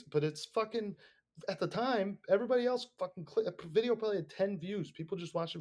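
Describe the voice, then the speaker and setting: A young man hosting a podcast, rambling in casual, profanity-laden talk that swings between mumbled asides and loud bursts. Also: high voice, expressive, a little fast. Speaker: podcast host.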